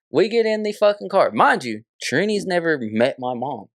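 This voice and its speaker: Animated young man telling a wild story. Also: fairly high pitch, moderate pace, few pauses, no room sound, studio quality. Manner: animated, laughing, heavy swearing. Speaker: podcast guest. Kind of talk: casual storytelling.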